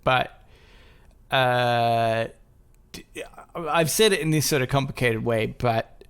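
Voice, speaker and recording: Gravelly man chatting, laughing often. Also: mid-range voice, slow pace, a bit bright. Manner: rambling, self-mocking, laughs often. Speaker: podcast co-host. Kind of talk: casual chat.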